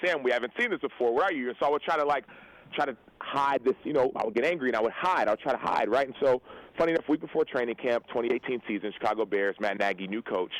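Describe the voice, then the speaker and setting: A man's voice: mid-range voice, low-quality recording. A man in his thirties, a guest on a show, candidly telling personal stories, earnest and reflective, acting out remembered dialogue and often checking in with "right?". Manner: earnest, reflective, retells scenes with quoted dialogue, tags lines with "right?". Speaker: guest, pro football player and author. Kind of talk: candid interview storytelling.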